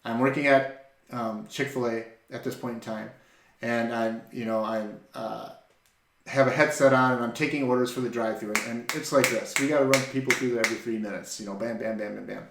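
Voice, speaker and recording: A man's voice: medium pitch, a little fast, vocal fry, a little hiss or hum. A man co-hosting a casual faith-based talk, telling a story with energy and often restarting his sentences. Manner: animated storytelling, repeats words when starting a thought. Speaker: podcast co-host. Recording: echoey room.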